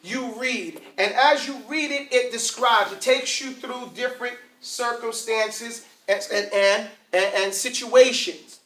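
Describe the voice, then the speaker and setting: A man with a high, bright voice teaches an Arabic class in a lively way, quizzing the group and drilling sounds for them to repeat. He keeps a measured pace with hardly any pauses, standing far from the mic in a roomy classroom that echoes.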